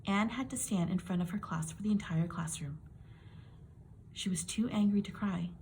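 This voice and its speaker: A woman reading a children's picture book aloud for young listeners. Her delivery is gentle, clear and expressive, with a faint noise underneath. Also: mid-range voice, normal speed. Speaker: storybook reader.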